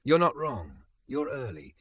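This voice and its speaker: A man voicing a calm, patient male teacher who speaks gently and steadily. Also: measured pace, no room sound. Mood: gentle. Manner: gentle, steady, low-key.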